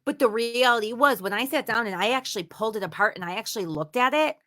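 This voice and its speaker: A woman's voice: a little high, lively intonation, fast talker, pushed and bright. A woman giving a motivational teaching talk, speaking emphatically and repeating words for stress. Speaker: instructor.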